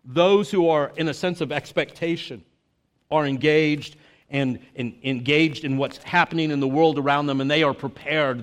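A pastor delivers a conversational sermon packed with fillers like "you know" and "like," shifting from lively asides to quiet, earnest reflection. His male voice sits on the high side and sounds smooth.

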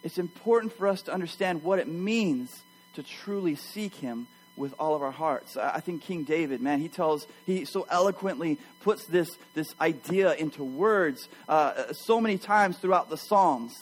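A man preaching a sermon to his church, telling a personal story with animated energy and addressing the congregation directly. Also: a little high, moderate pace, hardly any pauses, breathy edge, poor audio. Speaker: pastor.

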